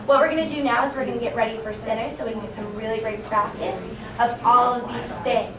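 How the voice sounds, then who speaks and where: A young woman teaching an elementary class, giving brisk countdowns, directions and praise to her students. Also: fairly high pitch, a crowd in the background. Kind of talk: classroom management. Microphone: camera across the room. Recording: distant echoey classroom camera audio. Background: children moving about.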